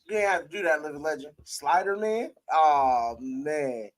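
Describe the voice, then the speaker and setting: Chatty male sports host, higher voice. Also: animated, unhurried, few pauses. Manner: loose and talkative, answering viewer chat, breaking into laughter. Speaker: sports talk show host. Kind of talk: casual live-stream sports chat.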